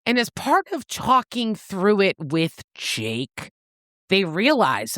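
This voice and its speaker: A woman co-hosting a book podcast, recapping the plot in an animated, casual way and swearing freely. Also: medium pitch, takes it slowly, no echo, clean studio sound. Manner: animated storyteller, swears freely, acts out quotes. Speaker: podcast co-host recapping a novel. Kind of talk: casual book-club chat.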